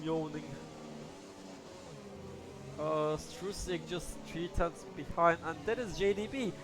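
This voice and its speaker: A man's voice: fairly high pitch, slow, long pauses. Casual man commentating a sim race. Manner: casual, hesitant, thinking aloud. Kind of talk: live sim racing commentary. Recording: music playing behind.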